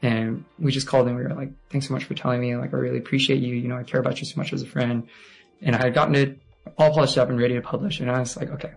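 A young man in his twenties tells a personal story in a rambling, animated way, full of "like" and acted-out quotes. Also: mid-range voice, very fast, vocal fry, soft background music. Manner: rambling, animated, heavy use of "like".

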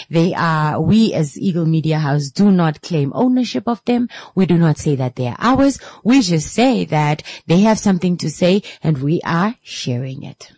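A woman's voice: lowish voice, a little mellow, no room sound. A woman hosting a show, addressing listeners directly and fondly, with some hesitation. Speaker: radio show host. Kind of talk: show host commentary.

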